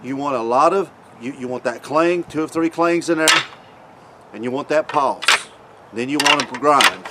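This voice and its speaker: A man giving a casual hunting demonstration in a folksy, repetitive way. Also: mid-range voice. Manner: folksy, repeats himself, pauses to demonstrate. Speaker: hunting video host. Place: outdoors. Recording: loud background noise outdoors.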